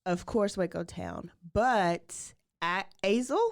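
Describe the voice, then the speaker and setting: A woman's voice: medium pitch, takes it slowly, creaky, dry recording, studio quality. A woman co-hosting a podcast, chatting casually, laughing often and reading out listener messages. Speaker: podcast co-host. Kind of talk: casual chat.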